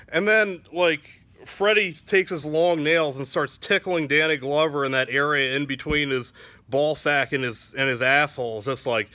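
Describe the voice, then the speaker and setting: A man's voice: fairly high pitch, fairly even intonation, normal speed, sharp tone, no room sound. A male comedian telling a crude joke story in a rambling way, full of fillers and restarts.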